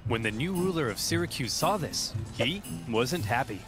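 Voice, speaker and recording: A man giving scripted comedic history narration with wry, deadpan jokes. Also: mid-range voice, moderate pace. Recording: narration over music.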